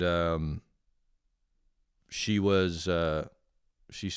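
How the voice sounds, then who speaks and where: A young man from Canada rambles on in a loose, profane monologue, swearing freely and getting animated when he tells a story. His voice sits very low and smooth. The sound is dry and close. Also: no room sound. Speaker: vlogger.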